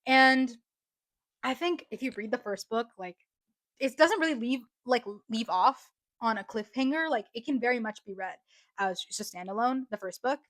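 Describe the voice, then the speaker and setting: A young woman talks through a book review in a loose, excited ramble, full of fillers and restarts. Her voice sits a little high. The recording is dry and close, with no room sound. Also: moderate pace, no room sound. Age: young adult. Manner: chatty, gushing, many fillers. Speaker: book vlogger.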